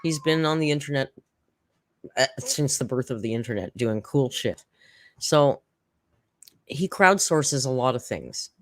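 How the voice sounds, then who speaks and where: A woman's voice: a bass voice, lively intonation, measured pace, long pauses, no room sound, studio quality. A middle-aged woman chatting casually and emotionally on a live stream, rambling and laughing often. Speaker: streamer host.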